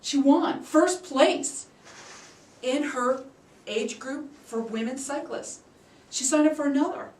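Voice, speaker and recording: At a public speaking club, a woman delivers a prepared storytelling speech at a slow pace. She acts out the quoted voices with big jumps in pitch and loudness, and the distant mic gives the recording a roomy sound.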